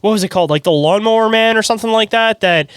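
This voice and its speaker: A man hosting a podcast, chatting quickly and casually with lots of fillers. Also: high-pitched, fairly bright tone, clean tone, dry recording, clean studio sound. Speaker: podcast host.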